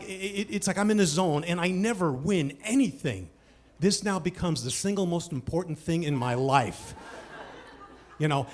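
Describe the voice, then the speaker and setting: Animated high-voiced male storyteller. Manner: animated and self-mocking, swinging from hushed asides to shouted punchlines. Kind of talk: live comic storytelling.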